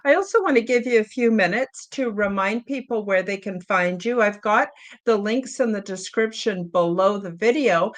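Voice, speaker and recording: A woman hosting an interview podcast, listening attentively with frequent affirming murmurs and asking long, searching questions. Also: medium pitch. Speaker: podcast host.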